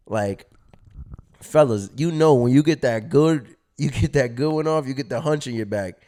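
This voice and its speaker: A man's voice: mid-range voice, a little slow, pauses often, a little mellow. A young man vlogging, telling a story in a casual, slangy way and acting out his own past reactions.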